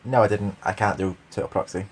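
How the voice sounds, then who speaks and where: A man's voice: fairly low pitch, steady tone, fast, husky. A man racing a speedrun, giving laid-back, short replies while he plays. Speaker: speedrun racer. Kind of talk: casual chat while racing.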